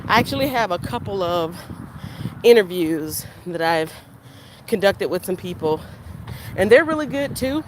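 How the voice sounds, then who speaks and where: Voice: medium pitch, animated, normal speed, long pauses. Upset vlogger venting on a walk. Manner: rambling, repeats words and restarts sentences. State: upset and frustrated. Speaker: vlogger and business interviewer. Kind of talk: venting vlog while walking. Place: outdoors beside a busy main road. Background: faint street traffic.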